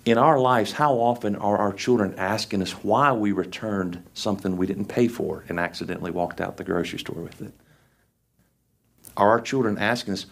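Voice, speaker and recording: Folksy lay preacher, man, low voice. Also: normal speed, vocal fry. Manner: folksy, down-to-earth asides between readings; lively preaching with emphatic repetition. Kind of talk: sermon with scripture reading.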